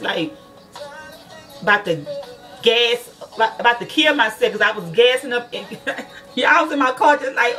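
A woman's voice: fairly high pitch, fairly bright tone, recorded from a distance. A woman who is a nail school student chats casually to her viewers from her car, swearing freely and calling them y'all.

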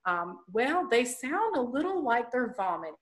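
A woman's voice: on the high side, sing-song, normal speed. A woman educator giving an online presentation, explaining things plainly and chattily with playful asides.

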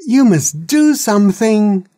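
A man's voice: high-pitched, very animated, slow pace, dark tone, dry recording, studio quality, pitched above the performer's own voice, exaggerated voice. A man voicing an eager, questioning baby dragon in a storybook reading. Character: small excitable baby dragon.

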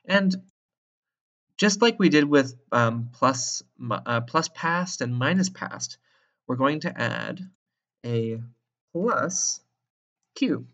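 Guy teaching over a screen recording, mid pitch, talks casually and restarts a lot, dull sound. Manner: casual and thinking aloud, with many restarts. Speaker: instructor.

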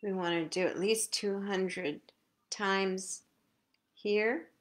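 A woman leading a live guided face massage session, giving slow, soothing step-by-step cues. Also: mid-range voice, fairly even intonation. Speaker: self-care instructor.

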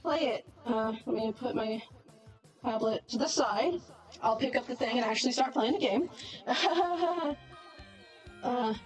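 A woman's voice: a little high, a little slow, pauses often, soft background music. A woman live-streaming a game and chatting casually with viewers, giggly and bubbly, flustered and self-deprecating, with a robot voice filter on. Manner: giggly and bubbly, laughs often.

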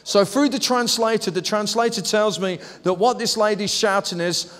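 A man preaching a lively sermon in a church, telling stories and acting out voices. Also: high-pitched, normal speed. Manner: animated storytelling, acts out voices and laughs. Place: church hall. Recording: reverberant church hall.

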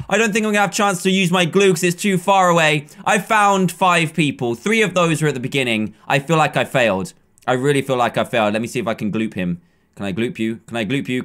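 In his twenties and English, this high-voiced gaming YouTuber narrates live gameplay in a chatty, playful style. Like many gaming commentators, he often swings from calm observations into excited yelling.

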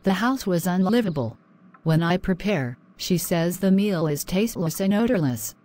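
A woman voicing a young married wife in an animated drama, pleading and worn down. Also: on the low side, moderate pace, close to an everyday voice.

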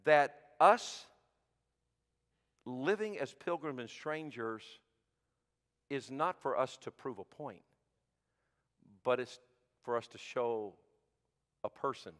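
A man preaching a sermon as pastor, swinging from shouted peaks to hushed low asides. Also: animated, slow pace, long pauses. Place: church sanctuary. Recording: sanctuary with long reverb.

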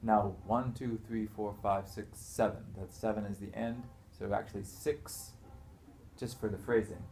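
This man's voice is fairly low, a little mellow, and fairly flat in pitch, delivered at a measured pace. Recorded in a noisy room, he's giving a one-on-one music lesson on rhythm, patiently walking through it step by step while counting beats and chanting rhythm syllables out loud.

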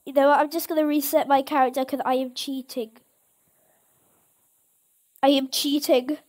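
A woman host giving casual gameplay commentary, excitable and exclaiming at each surprise. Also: sits high, moderate pace. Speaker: gaming channel host.

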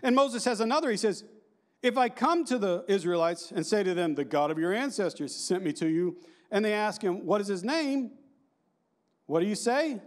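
A man in his fifties giving a lively, joking conference talk and quizzing the audience. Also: high voice, moderate pace. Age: 50s. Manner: animated and joking, asks the audience questions. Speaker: conference speaker.

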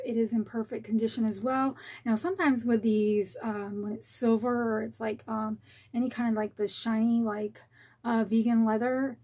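A middle-aged woman chatting excitedly at home as she unboxes a collectible bag, gasping and gushing. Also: a little high. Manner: gushing, gasping, repeats "oh my" exclamations. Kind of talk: excited unboxing vlog chat. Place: home, dogs barking nearby.

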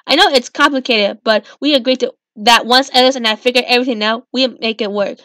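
Woman reading defensive, pleading teen boy, plain high read, dry sound. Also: a little fast, a bit bright, dry recording, natural voice.

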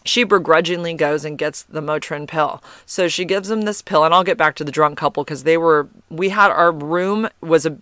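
A podcast host chats loosely through a personal story, rambling and dropping plenty of "like" along with blunt swearing. His voice is a little high, bright and forceful, at a moderate pace with hardly any pauses, in clean studio sound with no echo.

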